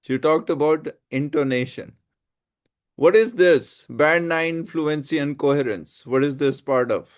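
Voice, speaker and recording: A male teacher running a classroom lesson, asking his students questions. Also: fairly high pitch. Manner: questions the class, slow and deliberate.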